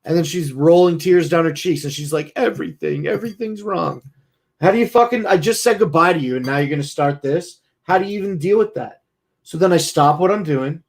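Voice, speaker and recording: A man's voice: a little high, a little fast. A man streaming, talking casually in a blunt, profane, rambling way. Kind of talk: casual talk.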